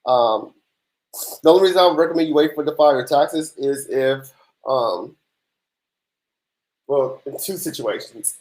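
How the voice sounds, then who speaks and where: A man's voice: mid-range voice, moderate pace, pauses often, darkish tone. A young man, hosting a casual tax Q&A livestream, laid-back and sleepy, chatting with viewers between answers. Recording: echoey room.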